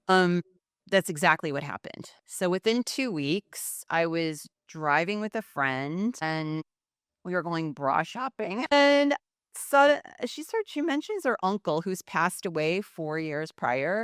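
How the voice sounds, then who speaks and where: A middle-aged woman with a notably low voice tells a personal story in conversation. She animates it by quoting what people said to her. The sound is close and dry. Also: clear, resonant tone, no echo. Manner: animated storyteller, quotes others in dialogue. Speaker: podcast guest, psychic and entrepreneur.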